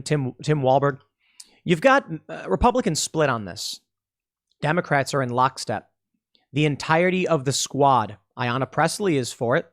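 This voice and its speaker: Man, political commentary host, fairly high voice, sarcastic, conversational, dry close sound. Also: fairly bright tone, dry recording. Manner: sarcastic, conversational, reads out vote lists.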